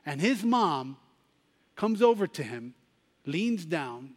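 A man's voice: fairly high pitch, sing-song, slow, long reverb tail. A man preaching a sermon, telling a story and rising to emphatic Bible readings.

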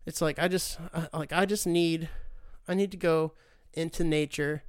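A man's voice: on the high side, steady tone, normal speed, clear, resonant tone, dry recording, studio quality. A young man hosting a podcast, ranting casually with lots of swearing and sarcastic mock voices. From United States. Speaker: podcast host. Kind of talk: casual solo rant.

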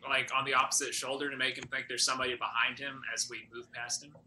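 A man's voice: medium pitch, level tone, quick pace, pushed and bright, slight background noise, poor audio. A man playing in a tabletop game, hesitantly thinking aloud about his moves. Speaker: player. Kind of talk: casual chat at a tabletop game.

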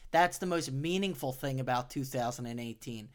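A man's voice: medium pitch, normal speed. A man co-hosting a podcast in casual chat, upbeat as he thanks listeners. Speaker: podcast co-host.

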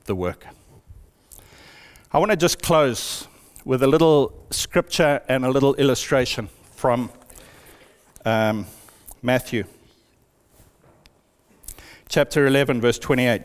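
High-voiced earnest male preacher. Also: big-room sound. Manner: earnest, with lots of pitch swings and slowed emphasis. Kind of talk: sermon.

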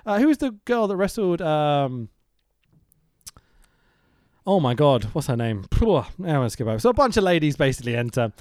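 A man's voice: on the high side, big pitch swings, brisk, long pauses, a little mellow, no room sound, clean studio sound. A man, co-hosting a casual wrestling review and reading from his notes. He swears often and laughs a lot. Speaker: podcast co-host.

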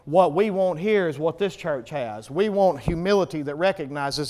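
A man preaching a sermon, swinging between loud emphatic peaks and hushed low passages. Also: lively intonation, moderate pace, few pauses. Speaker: pastor.

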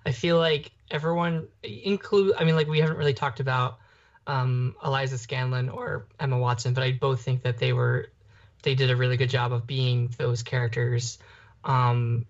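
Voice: mid-range voice, flat delivery, normal speed. A young adult podcast co-host talking casually about a film, rambling with lots of fillers and restarts. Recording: dull lo-fi podcast audio.

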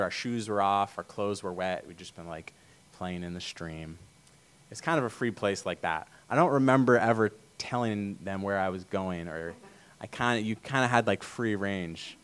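A man from Vermont giving a casual sermon talk to a church meeting, telling stories in a relaxed way with many fillers. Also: lowish voice, clear, resonant tone. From Vermont, USA. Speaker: church speaker.

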